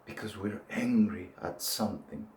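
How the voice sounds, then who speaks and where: A man's voice: lowish voice, moderate pace, darkish tone, slight background noise. An older man giving an earnest, pleading monologue that rises into emphatic outbursts. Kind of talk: impassioned monologue to camera.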